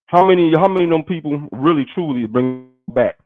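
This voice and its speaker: A man keeps pushing the others in a casual streamed chat, repeating his question over and over. He speaks fairly quickly in an expressive, fairly high voice, and the stream audio is dull and lo-fi.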